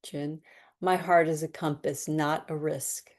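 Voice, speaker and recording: Soothing low-voiced woman guiding tapping. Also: flat delivery. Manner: slow, soothing, repeats affirmations for listeners to echo. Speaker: tapping and meditation guide. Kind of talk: guided EFT tapping with affirmations.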